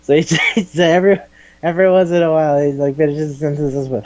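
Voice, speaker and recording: A man chatting casually on a podcast, retelling scenes with swearing and quick impressions of the characters. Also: on the high side, lo-fi sound. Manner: animated retelling with acted quotes, swears and laughs. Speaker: podcast host. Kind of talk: casual chat recapping an anime.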